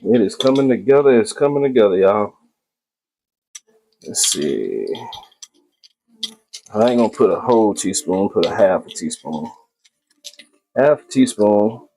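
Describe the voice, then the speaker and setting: A man's voice: lowish voice, very animated, a little slow, pauses often, mellow, slight background noise. A man hosting a casual cooking video, talking to viewers as he cooks and often repeating his phrases.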